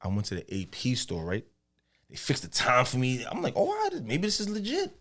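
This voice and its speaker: A man's voice: mid-range voice, huge pitch swings, a little fast, a bit bright. A young man telling a story in casual podcast chat, acting out the other people's lines and laughing often. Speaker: podcast co-host.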